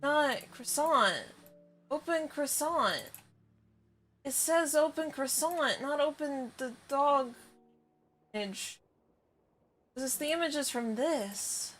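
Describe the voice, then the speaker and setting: A woman's voice: high-pitched, takes it slowly, pauses often, fairly bright tone, soft background music. A woman live-streaming in casual chatter, rambling in bafflement and often breaking into laughter.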